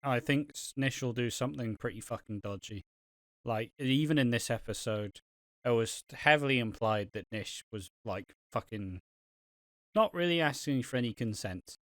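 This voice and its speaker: A man's voice: medium pitch, lively intonation, normal speed, no room sound, clean studio sound. A man co-hosting a podcast, chatting bluntly and swearing freely. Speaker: podcast co-host. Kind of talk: casual chat.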